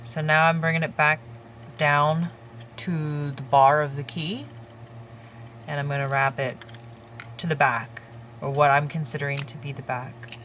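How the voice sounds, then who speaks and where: Woman, low voice, craft tutorial host, calm, step-by-step, faint background hum. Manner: calm, unhurried, talks while working with her hands.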